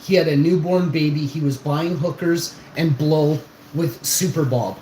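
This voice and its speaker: A man's voice: on the high side, normal speed, warm tone. A man around forty, ranting scornfully to his viewers in a casual streamed monologue. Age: 40s. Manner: exasperated, scornful, calling someone out. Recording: roomy echo, faint background hum.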